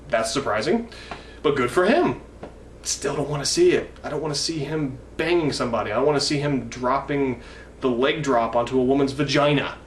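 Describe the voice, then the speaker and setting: Another profane, indignant, rambling vlog rant comes from a wrestling fan in his twenties with a mid-range voice. The room echoes, the mic is far away, and a faint noise lingers.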